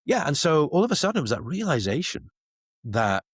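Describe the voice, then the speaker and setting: A middle-aged man from the Isle of Man, guesting on a podcast as a space company CEO, tells animated stories and acts out the people he quotes. His fairly high voice is a little fast with a breathy edge, captured in clean studio sound with no echo.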